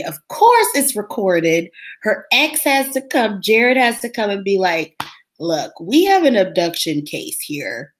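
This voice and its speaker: A woman co-hosting a casual talk show, retelling a TV episode in an animated way and acting out the characters' lines. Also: mid-range voice, slow pace. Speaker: co-host recapping a TV episode. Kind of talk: casual chat.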